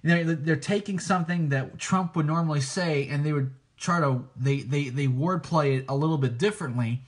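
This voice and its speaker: A preacher giving an informal teaching, talking hesitantly with many restarts and frequent checks for agreement. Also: male voice, fairly high pitch, normal speed. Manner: hesitant, frequent restarts, keeps asking "okay?".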